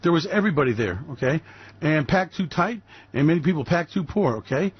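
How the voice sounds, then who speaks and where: Older man from New York City, radio host, ranting and emphatic; husky voice with dull, lo-fi sound. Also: fairly high pitch, lively intonation, brisk, dry recording. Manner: emphatic, ranting, rhetorical questions. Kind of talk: opinionated radio commentary.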